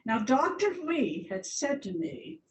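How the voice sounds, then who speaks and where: A woman's voice: very animated, takes it slowly. An older woman giving a chatty, informal talk about her slides as a church guest speaker, laughing often. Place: large church hall. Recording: echoey hall, distant mic, faint rumble.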